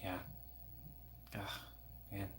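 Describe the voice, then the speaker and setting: A young man from Minnesota hosting a casual live stream, chatting and answering viewer comments by name. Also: extremely slow. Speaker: livestream host.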